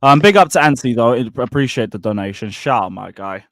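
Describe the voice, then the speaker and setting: Lively football streamer. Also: male voice, medium pitch, quick pace. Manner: reads donations, teasing banter. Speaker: channel host. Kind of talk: live stream football chat.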